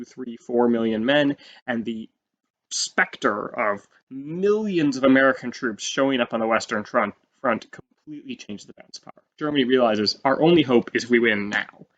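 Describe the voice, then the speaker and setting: A man teaching a history lesson in a casual, animated way, often saying "um" and acting out quotes. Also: mid-range voice. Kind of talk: explaining a history lecture. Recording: slightly dull lo-fi audio.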